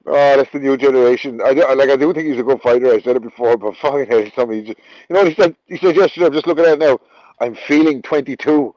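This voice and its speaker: A man's voice: medium pitch, very fast, darkish tone, no echo. A man co-hosting a casual podcast, rambling and swearing freely, laughing between sentences over a dull remote line. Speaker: podcast co-host.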